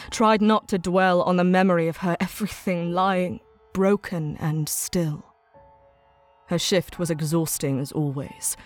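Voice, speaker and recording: A woman reading a dark science-fiction short story as scripted narration, measured and somber. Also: on the low side.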